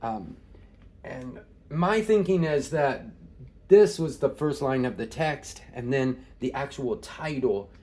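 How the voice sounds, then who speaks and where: A man's voice: medium pitch, expressive, slow, dark tone. A man teaching Greek in a casual, thinking-aloud way, with many fillers and small laughs. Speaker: Greek tutor. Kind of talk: informal screen-share lesson.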